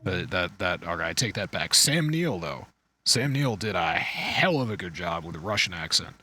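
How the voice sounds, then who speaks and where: A man's voice: deep voice, very animated, moderate pace, bright, forceful tone, breathy edge. A man co-hosting a podcast, chatting casually about movies and shows, rambling, swearing and losing his train of thought. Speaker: podcast co-host. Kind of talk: casual chat.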